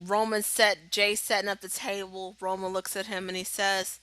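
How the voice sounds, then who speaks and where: A woman co-hosting a podcast, telling stories in an animated, emphatic way. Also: medium pitch, moderate pace, hardly any pauses, no room sound, low-quality recording. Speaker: podcast co-host. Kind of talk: casual chat.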